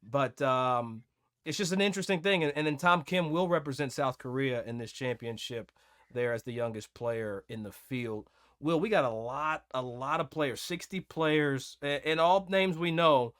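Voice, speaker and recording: A man co-hosting a podcast in casual chat, animated and jokey with lots of slang. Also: mid-range voice, moderate pace, no room sound, studio quality. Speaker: podcast co-host.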